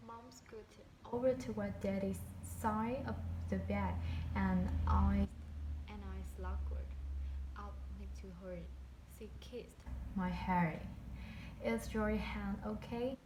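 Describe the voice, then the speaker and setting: A woman reading a novel aloud slowly, with some halting restarts. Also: medium pitch, background noise. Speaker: reader.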